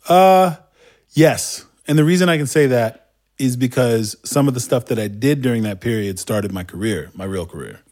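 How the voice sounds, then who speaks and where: A man in his forties from Turkey, speaking with a light Turkish accent, telling stories as a guest in a lively, animated way. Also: mid-range voice, normal speed. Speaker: guest, music producer. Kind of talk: casual storytelling.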